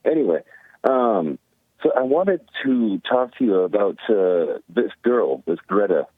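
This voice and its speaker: Low, lively male caller on a bad phone line. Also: a little slow, no room sound. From California. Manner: emotional, hesitant, full of fillers. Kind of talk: call-in radio talk.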